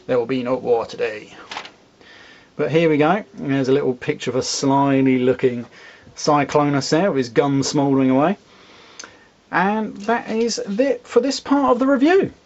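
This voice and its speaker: A man's voice: on the high side, fairly even intonation, normal speed, darkish tone, lo-fi sound. A man casually reviewing comics, rambling, with fillers and asides.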